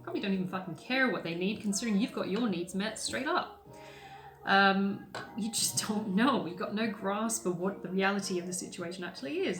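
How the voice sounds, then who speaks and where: A woman hosting a podcast, talking in a blunt, sweary, sarcastic way with plenty of ums. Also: mid-range voice. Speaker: podcast host. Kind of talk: casual opinion monologue while painting. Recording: roomy echoey room sound.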